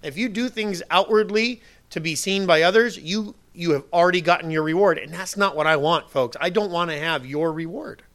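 A male pastor delivers a sermon with a bright, ringing voice pitched a little high for a man. He is emphatic, dropping to soft asides and then rising to loud, forceful declarations. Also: fairly quick, few pauses.

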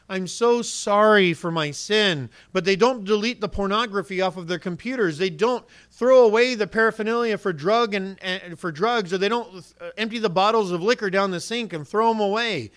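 A man with a fairly high, somewhat bright voice preaches a sermon earnestly and directly. He slips into quick acted-out lines of what people say and keeps pressing his listeners with rhetorical questions.

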